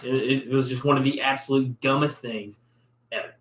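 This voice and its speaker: A man speaks in a bright, forceful voice as he vents about a customer, rambling and blunt. His words echo through a roomy space. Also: medium pitch, fairly even intonation, a little fast. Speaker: show host, car mechanic. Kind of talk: casual storytelling rant.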